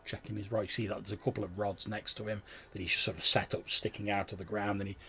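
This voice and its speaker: A man's voice: lowish voice, little pitch movement, fast talker, gravelly, bright, forceful tone, a little hiss or hum. A man narrating a tabletop game as game master, describing scenes in a rambling way with many fillers.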